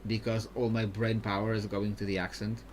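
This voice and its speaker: A man chatting his way through a live game playthrough, rambling with lots of fillers and quick laughs. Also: on the low side, flat delivery, slight background noise. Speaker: gamer.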